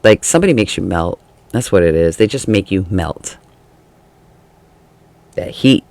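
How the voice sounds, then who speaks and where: A man's voice: deep voice, expressive, measured pace, darkish tone, dry recording. A man giving a casual tarot reading, chatty and laughing often, acting out the feelings he describes. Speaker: tarot reader.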